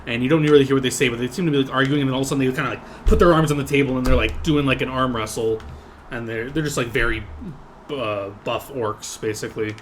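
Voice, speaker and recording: A man's voice: mid-range voice, fairly even intonation, fast, a little hiss or hum. Rambling man running a tabletop game. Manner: casual, rambling, many fillers. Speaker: game master.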